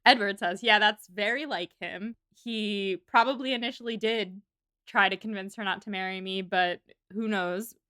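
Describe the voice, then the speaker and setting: A woman's voice: mid-range voice, moderate pace, sharp tone, no room sound, clean studio sound. A woman co-hosting a casual book podcast, chatty and playful as she reads quotes aloud in an apartment. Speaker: podcast co-host. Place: apartment room in a city.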